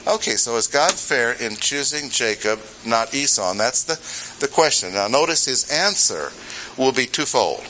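A man's voice: mid-range voice, sing-song, moderate pace, sharp tone, slight background noise, low-quality recording. A man preaching an expository sermon in a conversational way, with rhetorical questions and humorous asides.

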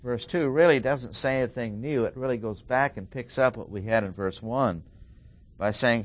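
A middle-aged man teaching through a Bible passage, deliberately repeating key phrases and stressing single words. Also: medium pitch, dry recording. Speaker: preacher.

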